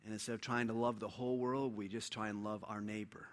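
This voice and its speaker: A man preaching a sermon as a pastor, building up to loud, impassioned preaching. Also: fairly low pitch, little pitch movement, fast. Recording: hall reverb.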